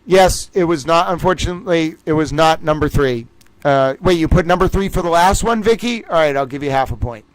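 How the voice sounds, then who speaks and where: A man runs a casual livestream trivia game, calling out players and scores as he chats with viewers. His voice sits a little high. The sound is dry and close, with no room echo. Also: a little fast. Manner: lively, reads out names and scores, chatty with viewers.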